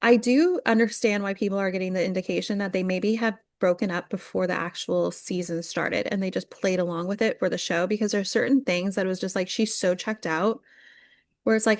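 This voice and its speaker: A woman's voice: medium pitch, fairly quick, no room sound, studio quality. Chatty young woman recapping reality TV. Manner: chatty, animated, acts out quotes with lots of "like". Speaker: podcast co-host. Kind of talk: casual chat recapping reality TV.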